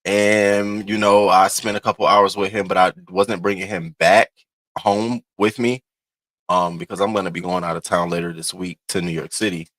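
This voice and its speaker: A man's voice: sits low, little pitch movement, normal speed, fairly bright tone, dry recording. A man hosting a casual morning livestream, chatting openly and greeting his viewers as baby and y'all. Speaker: show host.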